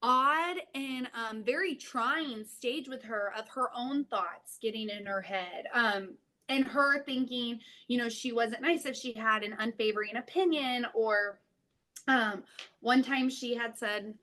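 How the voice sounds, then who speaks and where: Bright high-voiced woman telling stories. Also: a little slow. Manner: animated storyteller, chuckles mid-sentence. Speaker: podcast guest, mother. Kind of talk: casual podcast chat.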